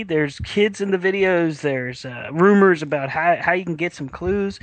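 A man's voice: fairly high pitch, no echo. Casual wrestling podcast host, man. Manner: rambling, frequent fillers and restarts. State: has the hiccups. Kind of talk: casual chat.

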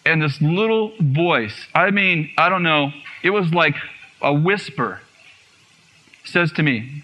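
A man giving a personal testimony in a sermon, telling his story in an animated way, acting out what was said and laughing often. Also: on the high side, slow. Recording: muffled radio broadcast.

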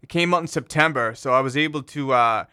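A man's voice: mid-range voice, a little fast, bright, forceful tone, clear, resonant tone. A man hosting a metal radio show from a small station studio, talking loosely with fillers and self-corrections as he introduces tracks. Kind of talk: casual radio show patter.

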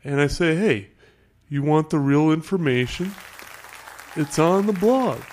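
A man's voice: on the high side, a little slow, a little mellow, some chatter behind, slight background noise, lightly acted. A man playing a shifty guy who keeps dodging blame, talking in a rambling, defensive way full of filler. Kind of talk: comedy skit.

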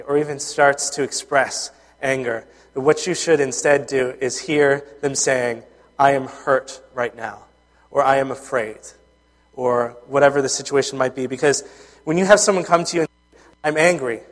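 A man delivering a sermon in an earnest, conversational way, his mid-pitched voice trailing off into fillers and restarts. His words ring out with a long reverb, as if spoken in a large church hall. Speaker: pastor.

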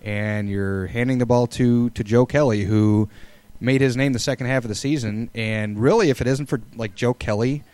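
A man co-hosting a live sports podcast, giving measured analysis with hedging fillers. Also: medium pitch, a little mellow, smooth, no room sound. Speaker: podcast co-host. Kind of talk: casual sports chat.

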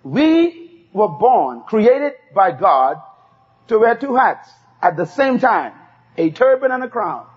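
The preacher here is a man with a high, husky voice who speaks slowly with big swings in pitch. He uses emphatic call-and-response, repeating key phrases for the congregation, and the sermon tape sounds dull and lo-fi.

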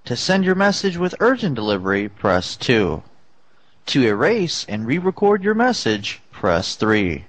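A man voicing an automated voicemail system during a prank call, reading prompts in a slow, low monotone. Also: dry recording. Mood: robotic. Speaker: prank caller.

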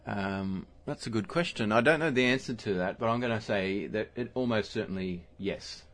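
Laughing, low-voiced male podcast co-host. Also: normal speed, fairly bright tone. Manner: laughs often, rambling and self-correcting. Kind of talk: casual chat.

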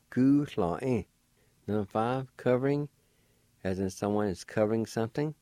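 A man teaching vocabulary in a radio lesson, spelling words letter by letter and sounding out each syllable slowly and deliberately. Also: medium pitch, dark tone, no echo. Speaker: language teacher.

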